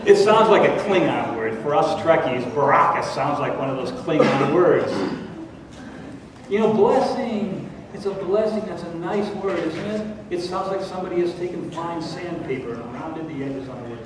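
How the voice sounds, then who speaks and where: A male pastor delivers a sermon, lively and playful, tossing questions to his congregation. His voice sits a little high. The recording is distant and echoey, with a noisy hall around him. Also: normal speed. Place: church sanctuary.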